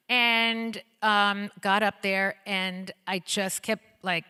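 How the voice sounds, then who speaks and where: A woman being interviewed onstage in an auditorium, telling stories in a bubbly, excited way full of likes and ums. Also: medium pitch, a little slow, few pauses, smooth. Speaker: guest, pop singer and author. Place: auditorium stage before an audience. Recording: long reverb of a hall.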